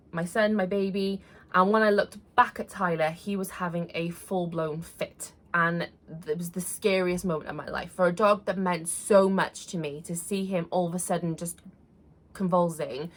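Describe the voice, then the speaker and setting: A woman's voice: on the low side, a little slow, fairly bright tone. A woman, telling a personal story to camera in an earnest, conversational way with many fillers. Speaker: vlogger.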